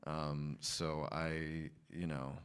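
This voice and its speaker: Very deep-voiced man, reflective. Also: little pitch movement, extremely slow, a bit bright, clear, resonant tone. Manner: reflective, searching for words, laughs often. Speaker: lead cast member on a panel. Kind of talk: panel Q&A answers.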